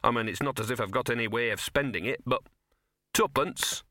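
A man's voice: medium pitch, fairly quick, sharp tone, no echo, studio quality, natural voice. A man voicing a scruffy, sardonic male talking dog who grumbles in slangy street talk. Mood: wry.

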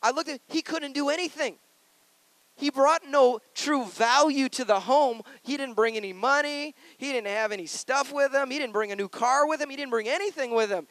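A male pastor with a high voice for a man, preaching in a playful, conversational way that turns earnest and personal. The sound is dry and close. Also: normal speed, fairly bright tone, no echo. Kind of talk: sermon.

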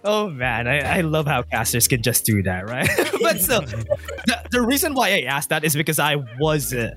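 A woman's voice: low-pitched, big pitch swings, moderate pace, fairly bright tone. A woman who hosts the podcast and works as a caster, chatting casually, laughing easily and restarting her sentences as she searches for words.

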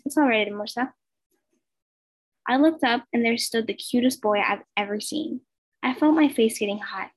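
Brief: teen girl, breathy and fairly high, hesitant casual reader of fan fiction, laptop mic at home. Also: moderate pace, rough recording. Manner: hesitant, stumbling, many fillers. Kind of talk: casual reading of a fan story. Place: bedroom at home. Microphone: laptop over a video call.

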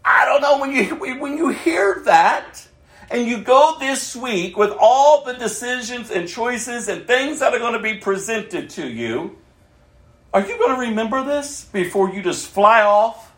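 Male preacher, sermon, high voice, lively swooping delivery, echoey room. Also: a little slow. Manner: animated, swings from loud calls to hushed near-whispers.

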